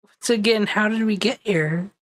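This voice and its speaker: A woman's voice: medium pitch, normal speed. A woman hosting a reaction commentary, making sarcastic, dry asides. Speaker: commentary host.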